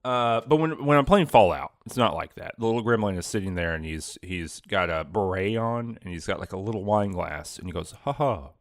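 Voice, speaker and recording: A man's voice: low voice, fairly quick, hardly any pauses, no echo. A man co-hosting a podcast, chatting casually about a video game in a rambling, playful way. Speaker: podcast co-host. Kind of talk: casual gaming chat.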